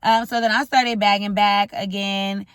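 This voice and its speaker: Young woman vlogger, blunt and frank, storytime vent, dry close sound, medium pitch. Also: level tone, measured pace, a bit bright, clear, resonant tone, dry recording. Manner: blunt and profane, frank venting. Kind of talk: storytime vlog. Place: indoors at home, ring light.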